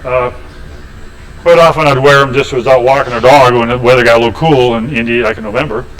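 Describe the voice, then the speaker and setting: A man's voice: mid-range voice, fairly even intonation, fast talker, fairly bright tone, rough recording. A man in a woodshop, demonstrating woodturning and telling rambling, folksy anecdotes with chuckles. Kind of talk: casual storytelling during a lathe demo. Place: woodshop, indoors.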